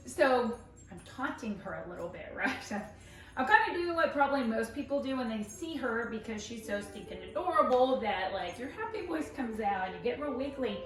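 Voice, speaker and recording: A woman's voice: animated, brisk, a bit bright. A woman dog trainer explaining and demonstrating in a chatty, upbeat way. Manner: chatty, upbeat, switches to high praise voice with the dog. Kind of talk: instructional dog training demo. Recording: roomy echo, voice from a distance, faint music.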